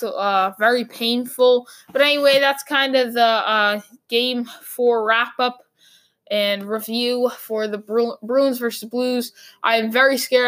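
A woman hosts a casual sports talk segment. Her voice sits a bit high for a woman. She rambles and thinks out loud, full of fillers and self-corrections. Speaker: sports podcast host.

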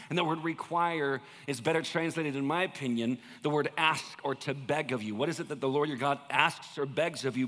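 High, bright-voiced preaching man. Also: big-room sound. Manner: conversational, jokey preaching, swinging between loud bursts and quiet asides. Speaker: pastor. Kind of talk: sermon.

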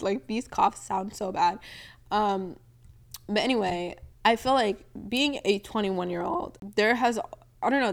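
Chatty twenty-one-year-old woman podcaster. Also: medium pitch. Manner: chatty, rambling, with frequent "like" and laughs. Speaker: podcast host. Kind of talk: casual solo podcast chat. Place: home, near a balcony.

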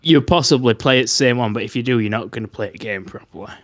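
A man's voice: medium pitch, fast, fairly bright tone, no echo, lo-fi sound. A man co-hosting a casual gaming podcast, loose and sweary, laughing easily. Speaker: podcast co-host.

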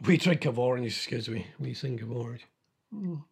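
A man's voice: mid-range voice, moderate pace, creaky, a little mellow, slightly rough. A man hosting a casual chat about news stories, rambling and thinking aloud as he goes.

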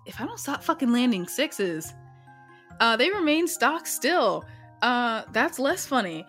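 A woman's voice: a little high, sing-song, measured pace, a bit bright, soft background music. A woman playing a solo tabletop role-playing game, narrating and chatting in a casual, profane, self-interrupting way.

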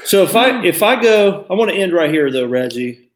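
A man's voice: high voice, very animated, moderate pace, slight background noise. Guy in his 40s hosting a talk show, earnest and reflective, echoey room. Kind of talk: casual talk show commentary.

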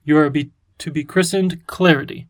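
A man voicing an excitable, lovestruck creature king who talks with a lisp. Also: a little high, normal speed, lightly acted. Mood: affectionate.

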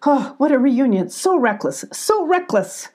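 A woman's voice: big pitch swings, a little slow, mellow. A woman voicing a fussy, anxious, very proper male badger in a storybook. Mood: fretful. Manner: fretful, formal, high-pitched exclamations.

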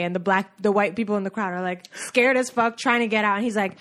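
A woman co-hosting a podcast, retelling a TV sketch in an animated, profane way during casual chat. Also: medium pitch, quick pace. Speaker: podcast co-host.

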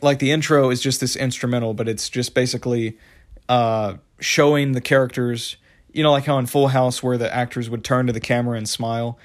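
A man in a casual, unscripted monologue, reviewing a show he loves. He rambles freely and restarts his sentences often. His pitch sits in a middle range, neither high nor low. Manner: rambling, many fillers and restarts.

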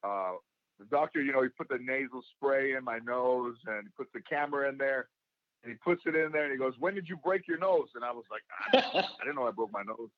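A man with a gravelly voice, a comedian being interviewed, telling stories and acting out what people said. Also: mid-range voice, a little fast, no room sound, dull audio. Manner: storytelling, acts out quoted voices. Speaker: guest, comedian and actor. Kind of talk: casual interview talk.

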